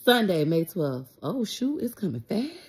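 A woman's voice: medium pitch, sing-song, a little slow, darkish tone, husky. A woman content creator ranting in a casual vlog, talking straight to her followers, profane and repeating herself when upset. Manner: addresses her followers directly.

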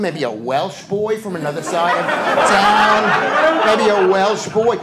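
A middle-aged man with a New York accent doing a live stand-up routine, rambling in a deadpan way and repeating his lines. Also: sits high. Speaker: stand-up comedian. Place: comedy club on stage. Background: audience laughter.

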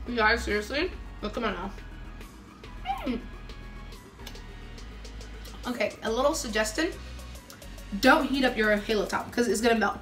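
A woman's voice: a little high, moderate pace, long pauses, a bit bright, faint music behind. A young woman hosting a casual recipe vlog, gushing and talking straight to her viewers. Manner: gushing, keeps saying "you guys". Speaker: food vlogger.

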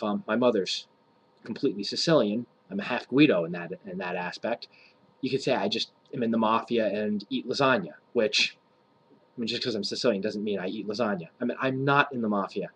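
Rambling, profane man, low voice. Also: a little fast, breathy edge, low-quality recording. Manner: profane, rambling, mock-offensive, laughs at own jokes. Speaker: vlogger. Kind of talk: rambling crude joke rant to camera.

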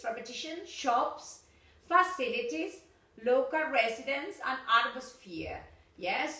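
Slow-talking bright woman teacher. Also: high voice. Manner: slow, instructive, frequent check words. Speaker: English teacher. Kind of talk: recorded video lesson. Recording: echoey room, mic far off.

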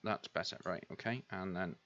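A man's voice: low voice, normal speed, very noisy. A man hosting a gaming video, commenting on his own play and scolding himself in exasperated outbursts. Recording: dull lo-fi sound.

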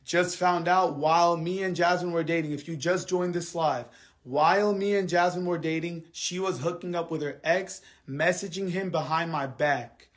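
A man ranting angrily to his livestream viewers. He swears heavily, repeats himself, and swings between quiet, subdued stretches and heated outbursts. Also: on the high side, normal speed. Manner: angry, heavily profane venting; repetitive, drops quiet then heats up. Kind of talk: live stream rant to viewers.

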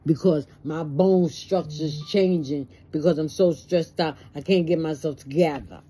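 A woman's voice: low-pitched, unhurried, dark tone, slightly rough. A stressed woman talking plainly and emotionally in a personal vlog, acting out both sides of conversations. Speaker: vlogger. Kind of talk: personal monologue to camera.

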